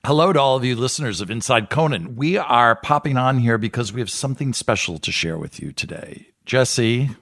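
A man's voice: medium pitch, expressive, fairly quick, few pauses, fairly bright tone, no room sound, studio quality. A man hosting a podcast, giving a playful, upbeat promo for a new show. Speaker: podcast host. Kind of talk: promo announcement chat.

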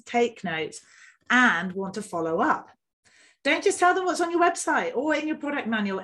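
A woman co-hosting a podcast, explaining business tips in a steady, agreeable way. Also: on the high side. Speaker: podcast co-host. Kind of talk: casual podcast chat giving business tips.

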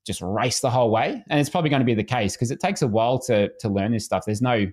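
A man's voice: mid-range voice, fast talker. Laid-back man coaching swimmers. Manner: relaxed, easygoing, frequent restarts. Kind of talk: casual podcast conversation.

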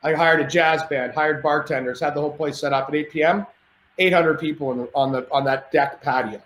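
A podcast guest with a slightly high voice tells a loud, brisk anecdote full of swearing and tangents, lively and rambling as he goes. The sound is roomy and echoey, as if recorded in a cottage.

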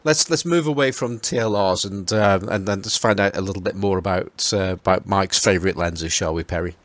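Low-voiced hesitant man hosting. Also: brisk, fairly bright tone, no echo. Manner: hesitant, many fillers and restarts. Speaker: podcast host. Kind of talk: casual group chat.

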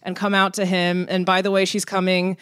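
A woman's voice: lowish voice, completely flat delivery, fairly quick, a bit bright, smooth, no room sound, studio quality. A young woman from Connecticut telling a story in casual chat, rambling, laughing often, with many fillers and restarts. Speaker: guest.

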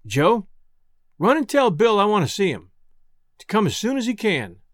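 A woman's voice: medium pitch, very animated, moderate pace, no room sound, studio quality. A man voicing a cheerful, tender young woman in a spoken story, with a lifted, lilting voice. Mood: earnest.

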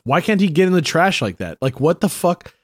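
A man with a slightly high voice chats casually on a podcast. He rambles through his stories and keeps restarting his sentences with fillers. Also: sing-song, a little fast. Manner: rambling, repeats himself with lots of fillers. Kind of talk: casual chat.

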